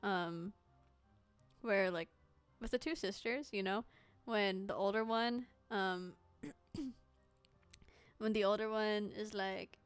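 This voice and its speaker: A woman's voice: mid-range voice, takes it slowly, long pauses, clean tone, no echo, faint music behind. A woman streamer giving casual, playful commentary while she plays a game, joking and laughing often.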